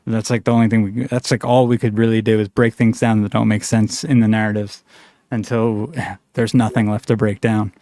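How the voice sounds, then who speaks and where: A man's voice: on the low side, little pitch movement, brisk, dark tone, no echo, studio quality. A man hosting a podcast, chatting in an easygoing way, with lots of fillers and frequent laughs. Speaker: podcast host. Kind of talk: casual podcast chat.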